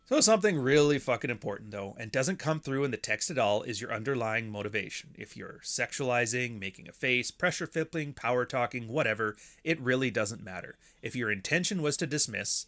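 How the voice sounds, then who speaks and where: A man hosting a casual commentary monologue, talking bluntly with frequent swearing and animated asides. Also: mid-range voice, a little fast, few pauses. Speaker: podcast host.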